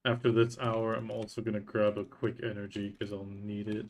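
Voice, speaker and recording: A man's voice: fairly low pitch, moderate pace. Easygoing male game streamer. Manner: relaxed, talks to himself and greets viewers between game moves. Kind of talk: casual live-stream chat while playing.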